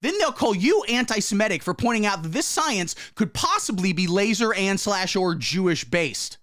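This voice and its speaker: A man hosting a satirical news show, delivering commentary in a mock-pompous, swaggering way with sudden low asides. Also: lively intonation, normal speed, a bit bright.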